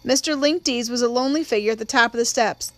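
A woman narrating an audiobook in a measured storytelling voice. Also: a little high, no room sound.

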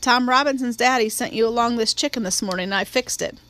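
A woman's voice: on the high side, fast talker, a bit bright, lightly acted. A woman voicing a loyal, plain-spoken housekeeper. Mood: matter-of-fact.

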